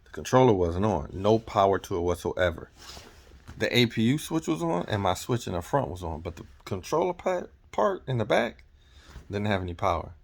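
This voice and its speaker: Deep-voiced chatty trucker. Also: male voice, sing-song, normal speed, creaky. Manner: rambling, chatty, corrects himself often. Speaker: truck driver. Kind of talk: casual vlog storytelling. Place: in or near his truck.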